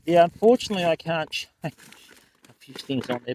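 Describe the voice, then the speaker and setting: A man's voice: fairly high pitch, expressive, normal speed, darkish tone, a little hiss or hum. An older man hosting a fishing livestream, chatting casually and joking with viewers. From Australia. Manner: chatty, jokey, laughs often, addresses chat by name.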